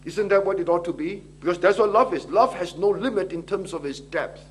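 A man's voice: high-pitched, fairly quick, slight background noise. Impassioned man preaching. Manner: impassioned, rising to pleading questions. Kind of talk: sermon.

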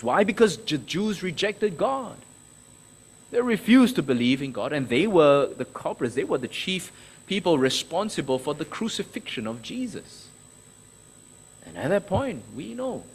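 Gravelly preacher with a lively, rising voice. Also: male voice, on the high side, rough recording. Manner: emphatic, asks and answers his own questions. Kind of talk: expository sermon.

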